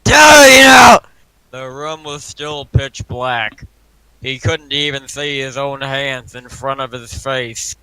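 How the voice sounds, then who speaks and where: A young man reading a horror story aloud as a joke. He is loud, swears and laughs a lot. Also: mid-range voice, level tone, takes it slowly, clean tone, poor audio. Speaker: reader.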